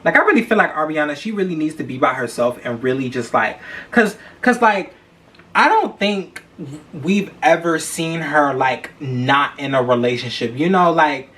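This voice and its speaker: A young man hosts a casual celebrity gossip podcast. He talks in a blunt, profane, animated way and hammers his points home by repeating himself. His voice is bright and forceful and sits fairly high for a man. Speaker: podcast host.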